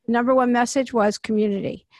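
A woman's voice: fairly high pitch, fairly even intonation, fast talker, no room sound, studio quality. A middle-aged woman hosting a casual chat, talking animatedly and laughing often. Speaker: podcast host.

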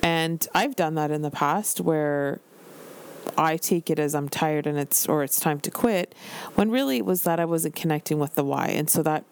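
A woman's voice: low-pitched, moderate pace, slight background noise. Candid, chatty woman in her forties. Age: 40s. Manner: candid, chatty, frequent "like" fillers and swearing. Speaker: podcast host and business coach. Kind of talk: casual solo podcast talk.

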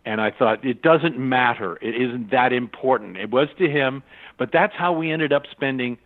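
A man's voice: mid-range voice, normal speed. Older man telling stories over a tinny line. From California. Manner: animated, acts out other people's voices in his stories. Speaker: voice actor guest. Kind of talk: anecdotal storytelling. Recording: tinny phone-line sound.

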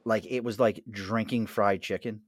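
A man's voice: lowish voice, steady tone, normal speed, no echo, clean studio sound. A middle-aged man with a Mid-Atlantic accent, hosting a casual chat at a bar, jokey and chatty with frequent laughs. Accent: Mid-Atlantic American. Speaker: host.

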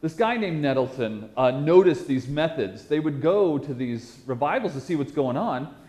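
A man preaching in a storytelling style, animated and self-mocking, often repeating words for effect. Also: on the high side, moderate pace. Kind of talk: storytelling sermon.

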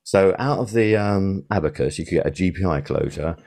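An older man's voice sits low and mellow as he talks through old work stories as an interview guest. He rambles, doubles back and corrects himself in a loose, conversational way. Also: lively intonation, fairly quick, creaky. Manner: rambling, self-correcting storyteller. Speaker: interview guest, TV sound supervisor. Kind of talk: casual interview recollection.

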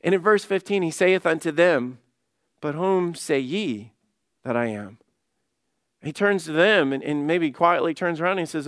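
A man's voice: a little high, lively intonation, normal speed, a bit bright, no echo, clean studio sound. A male pastor preaching in a conversational way, often restarting words and acting out the quotes he tells. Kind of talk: sermon.

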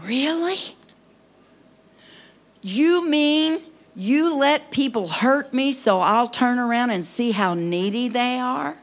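A woman preaching at a conference service, impassioned, swinging between near-whispers and loud cries. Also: on the high side, lively intonation, slow pace. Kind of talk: conference sermon.

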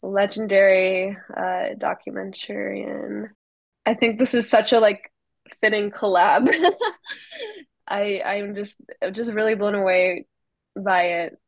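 A woman's voice: mid-range voice, takes it slowly, gravelly, no echo. A woman co-hosts a podcast and chats in a giggly, gushing way, a little flustered as she asks her questions. Her voice sits in the middle range and the recording is dry. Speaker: podcast co-host. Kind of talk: casual podcast chat.

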